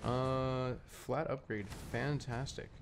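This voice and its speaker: A man's voice: medium pitch, fairly even intonation, takes it slowly, a little hiss or hum. A young man from Canada giving rambling, casual commentary while playing a video game, full of fillers and restarts, chewing candy as he talks. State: eating candy while talking. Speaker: gaming YouTuber.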